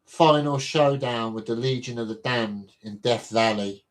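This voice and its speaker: Slow, stumbling male livestream reader. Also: mid-range voice. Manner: reads aloud haltingly, stumbling and repeating words, with asides to chat. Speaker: livestream host reading a reference book. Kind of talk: casual livestream reading and chat.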